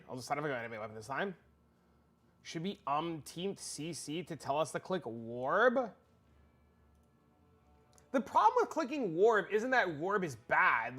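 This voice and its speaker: A man's voice: a little high, a bit bright. A man livestreaming, chatting casually with his viewers in a rambling, profane way, often repeating himself.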